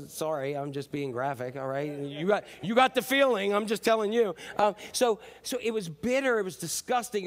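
A male pastor preaching a sermon in a loose, conversational way, full of fillers and animated asides. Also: a little high.

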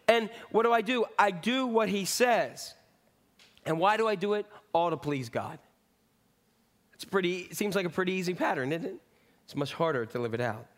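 A middle-aged man delivers a sermon, talking to his congregation in a loose, conversational way. His voice sits a little high for a man, and he drifts into jokes and side stories before coming back to his point. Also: fairly bright tone. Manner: conversational, rambling with asides and jokes. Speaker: pastor.

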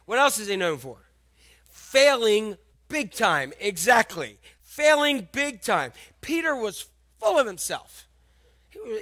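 A man preaching a sermon, animated and emphatic, repeating his key lines. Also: sits high. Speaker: pastor.

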